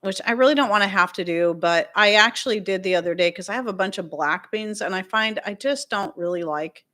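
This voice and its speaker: A woman's voice: mid-range voice, brisk, sharp tone. A woman hosting a casual home livestream, chatting loosely with viewers, laughing often and wandering off into asides. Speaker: livestream host.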